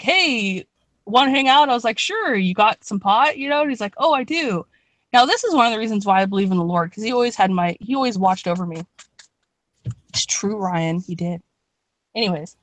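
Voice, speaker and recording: A woman's voice: mid-range voice, dry recording. Young woman, rambling storyteller, swears a lot, dry close mic. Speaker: podcast co-host. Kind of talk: casual storytelling chat.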